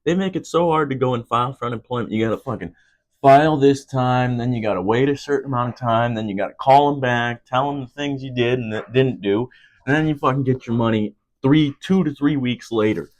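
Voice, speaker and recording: A young man in his twenties talks alone into the mic from home, swearing freely as he rants. He drifts between low, loose chatter and sudden sharp leaps up in pitch when something riles him. His voice sits at an ordinary middle pitch for a man. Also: brisk. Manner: profane, heated ranting with sudden jumps up in pitch. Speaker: podcast host. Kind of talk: casual solo rant.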